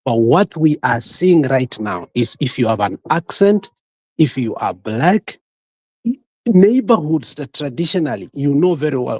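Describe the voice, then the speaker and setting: A man's voice: fairly high pitch, a little mellow, no echo. A man with a Kenyan accent arguing insistently in a heated livestream debate, talking over others and switching between English and Swahili. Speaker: panelist.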